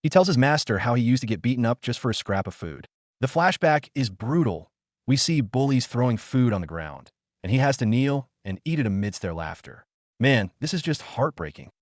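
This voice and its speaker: A man's voice: mid-range voice, big pitch swings, normal speed, dry recording, clean studio sound. A man narrating a dramatic story recap in a hyped storyteller's manner, with casual asides to the listener.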